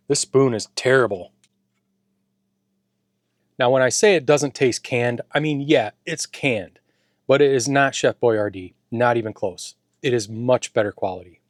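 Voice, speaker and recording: A man chats through a food taste test in an easygoing, enthusiastic way, sometimes talking with his mouth full. His voice sits at an ordinary middle pitch, recorded close and dry with no room sound. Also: no echo. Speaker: food reviewer. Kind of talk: casual taste-test vlog. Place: home garage.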